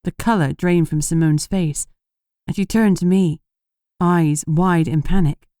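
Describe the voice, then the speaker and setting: A woman narrating an audiobook in the first person, with steady, measured reading and firm dialogue. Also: lowish voice, dry recording, clean studio sound.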